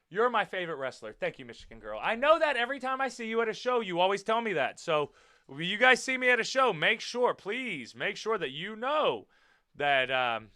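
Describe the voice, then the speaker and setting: An American man talking off the cuff on his wrestling podcast, pushing his words out with a bright, forceful edge. His voice sits a little high and sounds smooth and resonant, and the sound is dry and close. He is blunt, swears freely, and circles back to repeat his points. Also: no room sound. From United States. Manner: animated and blunt, swears, repeats himself for emphasis. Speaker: podcast host and professional wrestler. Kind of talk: casual wrestling commentary podcast.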